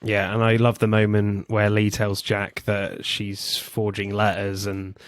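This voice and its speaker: Enthusiastic man with a lowish voice. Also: monotone, unhurried, no room sound, clean studio sound. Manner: enthusiastic, retells scenes, laughs often. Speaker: podcast co-host. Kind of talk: casual film discussion.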